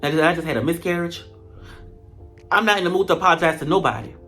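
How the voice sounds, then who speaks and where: Speaking fast at a medium pitch, a reviewer of reality TV dramatically retells scenes for a casual vlog, lively and full of profanity. Soft music runs behind the commentary.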